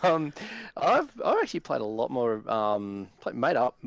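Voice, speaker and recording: A man's voice: medium pitch, wildly swooping pitch, moderate pace, creaky. A man co-hosting a podcast, laid-back and grumbling, with plenty of ums. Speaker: podcast co-host. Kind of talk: casual podcast chat.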